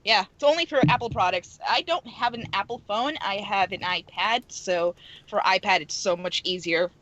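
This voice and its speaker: A woman's voice: mid-range voice, moderate pace, noisy background. A woman chatting casually as a player in a tabletop game, laughing often. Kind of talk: casual chat. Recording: dry, dull lo-fi audio.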